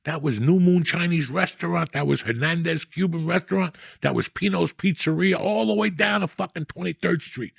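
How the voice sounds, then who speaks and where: A man's voice: fairly high pitch, moderate pace, vocal fry, hardly any pauses, slightly rough, dry recording, clean studio sound. A middle-aged man, telling profane, rambling stories in a blunt, casual chat. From New Jersey. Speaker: storyteller guest.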